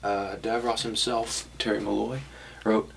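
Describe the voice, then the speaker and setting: A man's voice: on the low side, flat delivery, a little slow, vocal fry, a bit bright, a little hiss or hum. A young man vlogging casually to camera, rambling a little and correcting himself as he shows off his haul. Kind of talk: casual vlog talk to camera.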